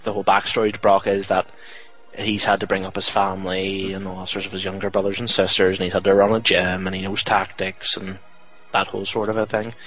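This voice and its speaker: Young male podcast host, low-ish voice, chatty and jokey, faint music under. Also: monotone, fairly quick, a bit bright, rough recording. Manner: chatty, jokey, rambling with fillers. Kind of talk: casual chat.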